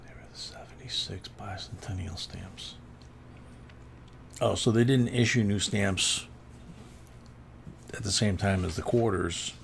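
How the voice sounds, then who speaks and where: A man's voice: on the low side, measured pace, gravelly, pauses often, a little hiss or hum. A man hosting a casual coin-hunting livestream, chatting and answering viewer comments as he sorts coins. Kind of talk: casual live-stream chat.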